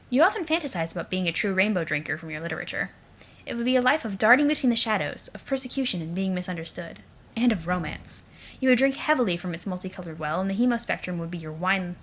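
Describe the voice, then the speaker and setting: A woman's voice: mid-range voice, fairly bright tone, slight background noise. A woman reading a webcomic aloud in a casual let's-play style, with wry, playful asides.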